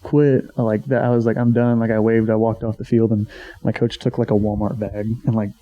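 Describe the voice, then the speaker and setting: A man's voice: fairly low pitch, flat delivery, a little fast. A young man telling a long story in a casual, rambling podcast chat, full of swearing and filler words. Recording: dull lo-fi sound.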